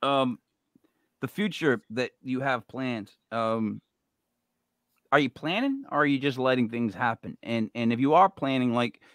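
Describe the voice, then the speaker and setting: A man's voice: mid-range voice, lively intonation, measured pace, a bit bright, no echo. A man from New England hosting a casual interview, rambling and chatty with many fillers and restarts. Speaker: show host.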